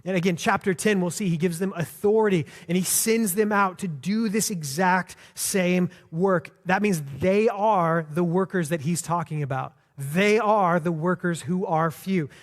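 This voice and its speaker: A man's voice: high-pitched, a little slow, hardly any pauses. A man preaching a sermon as pastor, in a conversational, earnest way with frequent restarts. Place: church sanctuary. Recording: long hall reverb.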